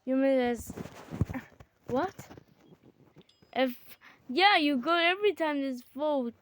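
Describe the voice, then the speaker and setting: A woman in casual gaming chat with her sibling, excitable and bickering with quick exclamations. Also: high-pitched. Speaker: gamer.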